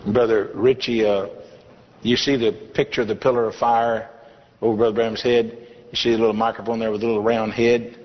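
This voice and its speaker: Older man, folksy preacher, long hall reverb, dull lo-fi tape, faint room hum. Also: lowish voice. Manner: folksy, humorous storytelling. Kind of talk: sermon testimony. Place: church hall.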